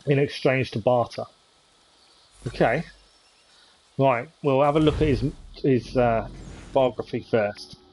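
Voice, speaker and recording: A man's voice: medium pitch, takes it slowly, pauses often, darkish tone, rough recording. A man chatting casually as he streams a game and reads its text aloud. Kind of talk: live gameplay commentary.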